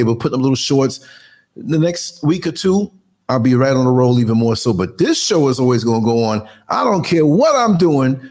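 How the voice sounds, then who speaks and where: A man's voice: medium pitch, darkish tone. A man in his sixties hosting a live-streamed talk show under studio lights, talking in an emphatic, motivational way. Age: 60s. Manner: emphatic, motivational, fights in boxing terms.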